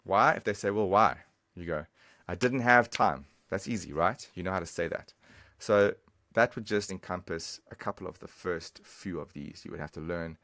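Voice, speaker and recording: A man's voice: low voice, brisk, creaky, a bit bright, dry recording, clean studio sound. A man giving a casual, chatty online language lesson, talking straight to the viewer. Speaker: language teacher.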